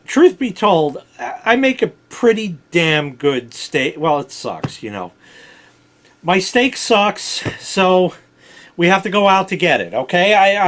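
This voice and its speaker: Blunt rambling man with a lively voice. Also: fairly high pitch. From New York. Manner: blunt, digressive, swears freely. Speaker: vlog host telling stories. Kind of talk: rambling casual storytelling.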